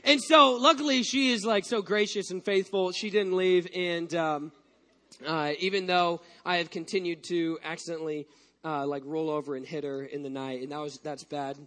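A man preaching a sermon as pastor, telling a personal story with lively energy and frequent restarts. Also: fairly high pitch, normal speed.

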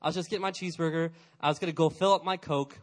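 A young man in his twenties giving a casual, energetic youth sermon, chatty and full of fillers, acting out little quotes. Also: on the high side, rapid-fire. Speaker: youth pastor.

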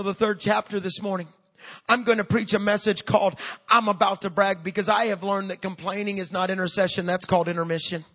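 A man in his fifties, a pastor preaching a sermon with energy and humor, building up to loud calls to his church. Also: sits high.

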